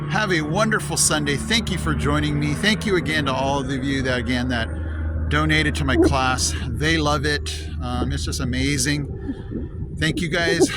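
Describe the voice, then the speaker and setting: A man from East Tennessee, chatting casually while eating and reviewing a dish, talking with his mouth full and repeating himself. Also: fairly high pitch. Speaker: vlogger. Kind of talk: casual food review vlog.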